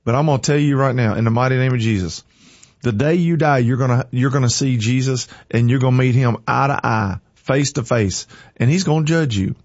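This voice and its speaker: A man's voice: medium pitch, fairly quick, a little mellow, no echo, highs cut off. A man hosting a morning show, chatting folksy and then preaching with energy. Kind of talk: casual chat turning to preaching.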